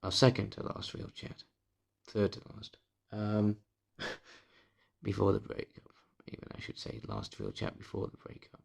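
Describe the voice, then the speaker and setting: A man talking straight to camera in a confessional vlog, his low voice heavy with gravel and a husky edge. He is candid and bitter, swears without holding back, and keeps sinking to a hushed murmur. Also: sing-song, unhurried, pauses often. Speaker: vlogger. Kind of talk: confessional personal vlog monologue.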